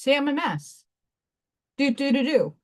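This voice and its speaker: A woman with a New York accent, somewhat hoarse, hosting a live stream where she chats excitedly and reads oracle-card affirmations aloud. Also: high-pitched, a little slow. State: hoarse, voice weakened. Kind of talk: casual live-stream chat and card reading.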